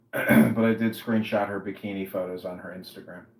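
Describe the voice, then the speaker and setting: A man hosting a social audio chat room who leads the group in loud, repeated chants. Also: deep voice, steady tone, normal speed, echoey room, poor audio. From Chicago area.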